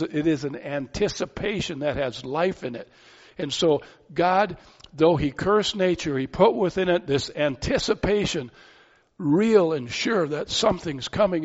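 An older man giving an expository sermon as a pastor, earnest and thinking aloud, often repeating words as he goes. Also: on the high side. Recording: dull lo-fi recording.

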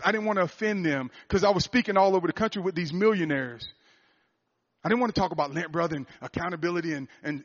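A man who works as a motivational speaker and coach, telling a personal story in a sermon style. He talks earnestly and often restarts and repeats phrases. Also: high-pitched. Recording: dull lo-fi recording.

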